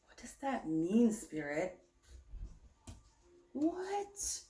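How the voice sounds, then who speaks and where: A woman giving a tarot reading in a chatty, animated, self-correcting way. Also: medium pitch, measured pace, echoey room, noisy background. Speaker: tarot reader.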